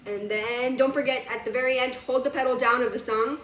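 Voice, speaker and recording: A woman's voice: high-pitched, steady tone, fairly quick, reverberant, far from the mic. A woman teaching a piano lesson on video, chatty and casual, laughing now and then. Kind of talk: recorded music lesson. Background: piano playing.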